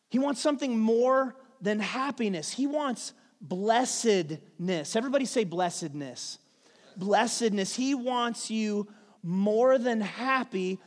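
Male pastor, thirties, high voice, sermon in a reverberant hall, hushed lows to loud call-and-response. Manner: swings from hushed and slow to loud and playful, calls the congregation to repeat lines.

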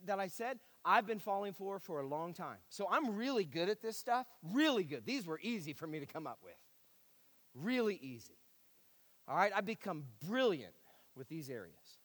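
A man's voice: high-pitched, fairly bright tone, big-room sound. A male pastor preaching a sermon, earnest and repetitive, with a wry, self-deprecating sarcasm.

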